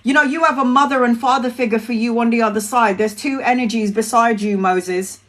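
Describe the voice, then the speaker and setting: A woman's voice: on the high side, fairly even intonation, a little fast, slight background noise. Chatty woman giving live tarot readings. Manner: warm, chatty, addresses viewers by name; emotional, laughs easily. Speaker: tarot reader.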